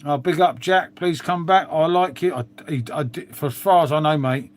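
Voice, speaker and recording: A man's voice: fairly high pitch, normal speed. A middle-aged man with a London accent, hosting a casual live stream and rambling on with plenty of swearing and "mate". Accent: London English. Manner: rambling, swears, frequent "mate" and tag questions. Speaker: livestream host. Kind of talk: casual chat to live viewers.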